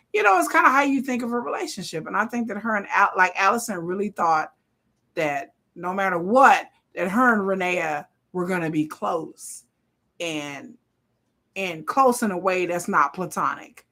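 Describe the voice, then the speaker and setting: A woman, hosting a live watch party with blunt, profane, animated casual commentary. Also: medium pitch, normal speed. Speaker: live-stream host.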